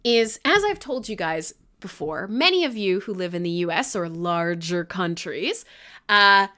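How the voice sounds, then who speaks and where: A woman's voice: fairly low pitch, expressive, measured pace, bright, forceful tone. A young woman from Canada hosting a live radio show, with irreverent chat full of jokes, laughter and swearing.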